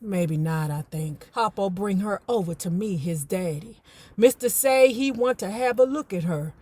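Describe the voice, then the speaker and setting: A woman hosting a book club, reading a novel aloud and breaking off into animated, slangy, profane commentary. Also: mid-range voice, normal speed, breathy edge. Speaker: YouTuber and book club host.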